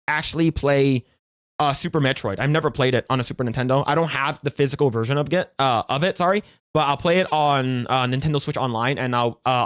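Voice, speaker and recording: A man's voice: fairly high pitch, fairly bright tone, no echo, clean studio sound. A man streaming live, reading donations in casual chat, stammering and restarting often, joking offhandedly.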